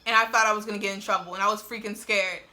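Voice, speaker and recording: Very fast and steady in tone, this young adult vlogger's medium-pitched voice sounds pushed and bright as she tells a personal tale. The casual, chatty video, full of "like" and frequent laughter, was shot on a tripod-mounted phone.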